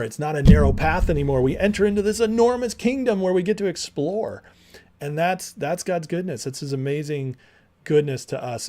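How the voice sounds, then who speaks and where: A man teaching a Bible class in a casual, animated way, acting out the people in the stories with slangy dialogue. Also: fairly high pitch.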